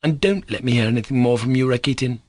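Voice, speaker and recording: Reading an audiobook, a man voices an emotional young woman, speaking heatedly and pleadingly. His mid-range voice is pitched above his own, yet close to an everyday voice, at a moderate pace. The recording is dry and studio quality.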